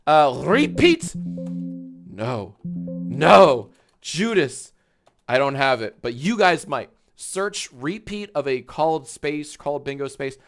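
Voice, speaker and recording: Rambling male streamer, mid-pitched. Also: animated, soft background music. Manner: rambling, halting, swears in outbursts. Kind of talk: live stream reaction.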